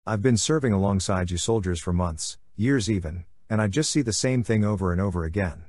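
An earnest young female scholar argues with hope and urgency, as a man reads her lines. The voice stays low and plain. It is recorded dry and close. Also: fairly quick, a little mellow, no echo, natural voice.

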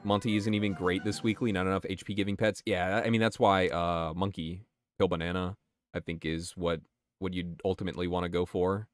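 A man's voice: sits low, fairly even intonation, brisk, dry recording, soft background music. A man streaming a game, talking casually and swearing while he answers his chat. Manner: chatty and profane, answering chat. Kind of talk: casual gameplay commentary.

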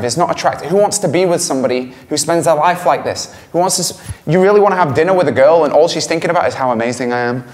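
A man from England answers interview questions with blunt candor, cursing and repeating himself for emphasis. His voice sits in an ordinary middle pitch. The recording carries a long, hall-like reverb. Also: a little mellow. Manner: blunt, swearing, emphatic repetition. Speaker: musician interviewee.

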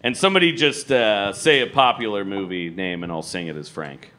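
A man doing live stand-up in a large comedy club, animated and loud, swearing and riffing with the audience. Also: fairly low pitch, brisk. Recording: live club with crowd noise.

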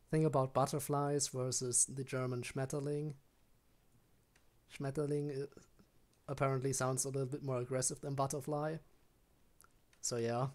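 Young male streamer, slightly high voice, loose chatty rambling, lots of restarts. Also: a little mellow. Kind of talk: casual live-stream chat while gaming.

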